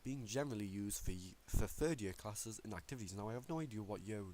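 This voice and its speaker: A man's voice: on the low side, animated, quick pace, dark tone, slight background noise. A young man hosting a let's play, reading game text aloud with casual, profane, self-mocking commentary. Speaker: gaming channel host.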